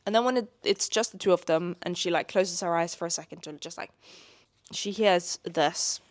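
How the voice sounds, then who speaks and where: A woman's voice: fairly low pitch, moderate pace. A young woman reading a novel aloud on her own show. She keeps stopping to add chatty, sarcastic commentary, with casual swearing thrown in.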